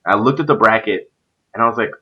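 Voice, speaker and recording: A man's voice: lowish voice, fast talker, dull audio. A man hosting a stream, chatting casually about competitive gaming and rambling with lots of fillers. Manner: animated, rambling with many fillers. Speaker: stream host; youth pastor. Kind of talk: casual esports chat.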